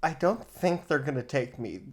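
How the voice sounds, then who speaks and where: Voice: medium pitch, very animated, normal speed, a little mellow, a little hiss or hum. A young adult podcast co-host with a mid-range voice. They chat casually with a dry, wry humor and slip into storytelling.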